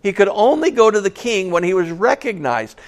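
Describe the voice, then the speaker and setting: Folksy, animated male preacher. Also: high-pitched, normal speed. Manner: animated storyteller, folksy asides. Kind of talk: conversational sermon.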